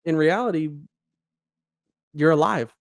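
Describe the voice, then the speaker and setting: A young adult man, a podcast guest, telling a story with lively quoted dialogue, casual swearing and laughter. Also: fairly high pitch, a little slow, vocal fry.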